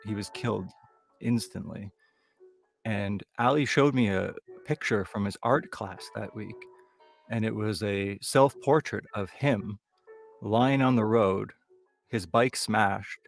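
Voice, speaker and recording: Brief: comedian, male, from Toronto, lowish voice, conversational ghost-story telling. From Toronto area, Canada. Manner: conversational, loose, building suspense. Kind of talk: live comic storytelling.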